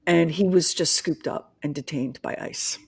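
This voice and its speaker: A woman co-hosting a podcast livestream, talking in a chatty, animated way and laughing often. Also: sits low, moderate pace, gravelly, slightly rough, dry recording. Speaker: podcast co-host. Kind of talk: casual livestream chat.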